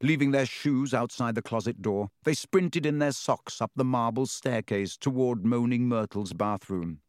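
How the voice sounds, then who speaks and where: An audiobook narrator reads a scripted storybook in a lively, varied way. His middle-pitched voice moves at a moderate pace, and the recording is close and dry with no room sound.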